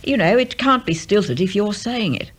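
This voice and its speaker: An older woman, a radio serial writer, talking in an unhurried way with frequent ums and uhs. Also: medium pitch, lively intonation, slightly rough, poor audio. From Australia. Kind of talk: relaxed interview and dictation.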